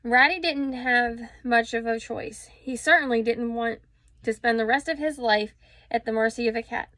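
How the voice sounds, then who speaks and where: A woman's voice: fairly high pitch, normal speed, no room sound. Woman reading a storybook aloud. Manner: expressive storytelling with small slips. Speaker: children's story reader.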